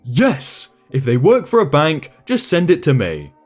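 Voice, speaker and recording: An irritated, demanding office boss, as a man reads him out in a storytime. He sounds accusing and impatient, his pitch a touch high and swinging up and down with lively inflection. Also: unhurried, faint music behind, heavily acted.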